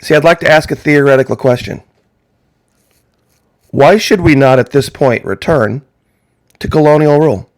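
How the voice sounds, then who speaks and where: A male commentator with a gravelly, fry-laden voice, recorded dry and close with no room sound. He delivers an opinion monologue, pressing his listeners with emphatic rhetorical questions. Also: a little high, normal speed, pauses often, no echo. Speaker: political commentator.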